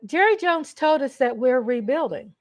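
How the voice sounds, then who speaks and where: A woman's voice: high-pitched, animated, moderate pace. Chatty woman hosting a home livestream. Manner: chatty and rambling, reads viewer comments aloud; emotional, laughs often. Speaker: livestream host. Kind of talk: casual live commentary. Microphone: USB desk mic.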